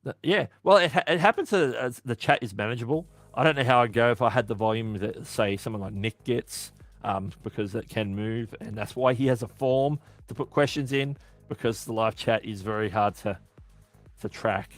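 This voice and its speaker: Soft background music plays as an Australian livestream host answers chat questions in a casual Q&A. His mid-range voice keeps a moderate pace, and he chats freely, frequently stopping to correct himself mid-sentence.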